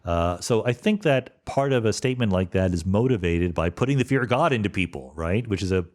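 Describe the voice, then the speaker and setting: A man's voice: lowish voice, animated, brisk, darkish tone. A middle-aged man from suburban Philadelphia hosting a solo podcast, answering listener questions in a thoughtful, rambling way with fillers and self-corrections.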